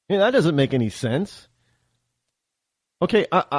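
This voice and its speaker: A man's voice: fairly high pitch, very animated, unhurried, long pauses, dry recording. A man from upstate New York with a faint local accent, hosting a talk show and giving his opinions in a rambling monologue. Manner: rambling, restarts often, mimics accents. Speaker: radio show host.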